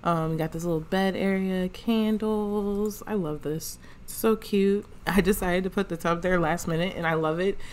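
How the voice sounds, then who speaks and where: A woman hosting a gaming channel gives casual let's-play commentary on a life-sim game, slangy and chatty, voicing what the characters are thinking. Her voice is lowish, steady, and a little mellow, at normal speed with few pauses.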